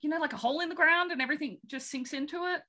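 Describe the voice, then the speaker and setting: A woman's voice: sits high, racing, bright, forceful tone. A woman, chatting casually and laughing often as she recaps a film. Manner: giggly, chatty, many fillers.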